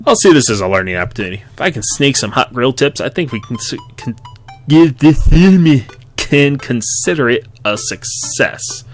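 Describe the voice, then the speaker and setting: Wry man with lively intonation. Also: on the high side, normal speed, faint music behind. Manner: chatty, wry asides, laughs often. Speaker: gaming YouTuber. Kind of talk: let's-play commentary and reading.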